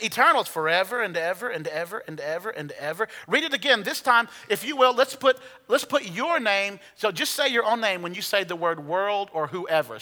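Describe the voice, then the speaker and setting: A man with a high, bright voice preaches to his congregation in a church sanctuary. His tone is playful, and he has the people read verses aloud with him. A long reverb from the hall trails every phrase. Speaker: pastor. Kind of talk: sermon.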